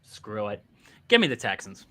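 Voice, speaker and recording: A man co-hosting a sports podcast, talking in an animated, exasperated way and laughing often. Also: lowish voice, moderate pace. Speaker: podcast co-host. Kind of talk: casual sports chat.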